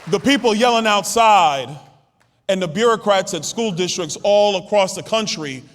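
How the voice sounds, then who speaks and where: A man's voice: high voice, lively intonation, moderate pace, fairly bright tone. A congressman from Brooklyn giving a political rally speech, telling stories in a conversational, punchy and rousing way at a podium microphone in a hotel ballroom. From Brooklyn, New York. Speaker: congressman speaking at a summit. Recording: long reverb of a large ballroom.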